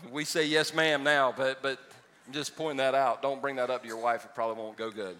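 Preaching to his congregation in a church auditorium, a man tells amusing stories and then rises into emphatic exhortation. His mid-range voice is level, bright and forceful, a little fast, trailing long reverb.

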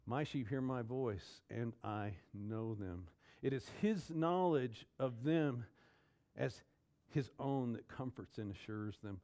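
A middle-aged man preaching a sermon, emphatic, repeating key phrases and swinging between loud declarations and hushed asides. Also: medium pitch, slow pace. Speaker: pastor.

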